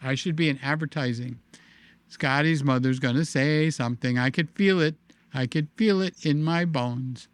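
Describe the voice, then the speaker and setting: A man's voice: fairly high pitch, no echo. A man hosting a casual live-stream, reading viewer comments aloud and teasing them in a playful, sing-song way. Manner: sing-song, drawn-out emphasis.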